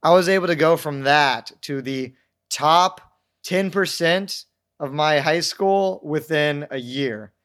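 A man's voice: fairly high pitch, slow, a bit bright. A young man telling rambling, self-mocking stories in a casual chat, acting out the voices of people he quotes. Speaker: podcast guest telling stories.

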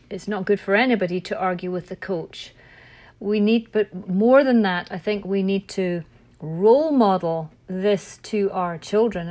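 A middle-aged woman hosting a parenting podcast, talking casually and telling stories, with a frog in her throat and the odd throat clear. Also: mid-range voice, a little mellow. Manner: chatty, self-correcting, storytelling. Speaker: podcast host and parent coach.

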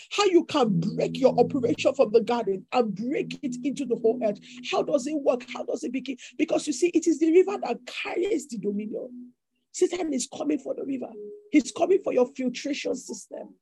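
Woman preacher, kinda husky and high, mellow tone, fervent sermon. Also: dry recording, poor audio. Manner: fervent, repetitive declarations.

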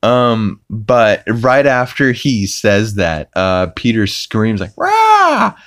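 A man's voice: lowish voice, fairly even intonation, slow, no room sound. A man hosting a podcast, recapping an episode in a casual, rambling way with many fillers and restarts. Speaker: podcast host.

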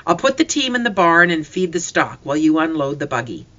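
A reader voicing a cheerful farm father in an audiobook, with a hearty, lively delivery. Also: medium pitch, brisk, muffled recording. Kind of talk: audiobook character voice.

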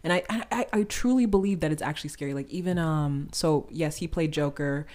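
Lively young woman chatting about acting. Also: sits low. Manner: animated, quick to laugh, lots of "like". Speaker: actress, podcast guest. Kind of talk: casual conversation.

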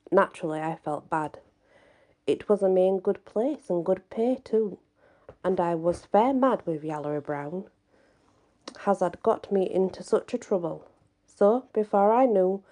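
A woman reading a folk tale aloud in the first person, in an unhurried, earnest way. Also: on the low side, dark tone. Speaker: storyteller.

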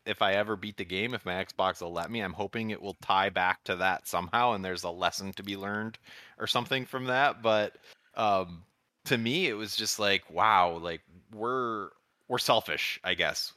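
A man's voice: lowish voice, normal speed, sharp tone, no echo. A man co-hosting a casual podcast chat, telling a story with rambling restarts and frequent laughs. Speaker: podcast co-host.

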